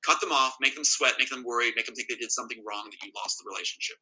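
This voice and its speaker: A man's voice: medium pitch, racing, bright, forceful tone, husky, poor audio. A man telling an interviewer an emotional personal account, agitated and emphatic, often repeating himself. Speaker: interview guest.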